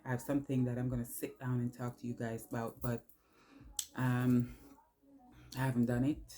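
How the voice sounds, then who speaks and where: A woman with a low voice speaks straight to her viewers in a personal vlog. She is tearful and halting, pausing often and filling gaps as she works up to hard news. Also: flat delivery, dark tone. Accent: New York. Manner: halting, emotional, many pauses and fillers. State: tearful, crying. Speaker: vlogger.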